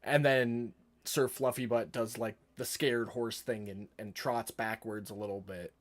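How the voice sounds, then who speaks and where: A man's voice: fairly low pitch, fairly even intonation, measured pace. A man narrating as dungeon master in a casual tabletop game, laughing often as he talks.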